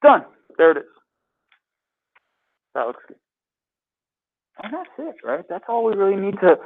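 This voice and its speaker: A man with a fairly high voice teaches math to a classroom, upbeat and constantly quizzing his students. The sound is thin and tinny, like a phone line. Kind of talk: classroom lecture. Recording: tinny phone-like lecture capture.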